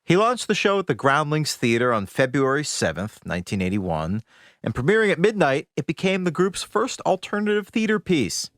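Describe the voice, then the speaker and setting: Man, podcast co-host, animated storytelling, very lively pitch, dry mic. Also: normal speed, no room sound. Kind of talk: scripted podcast narration.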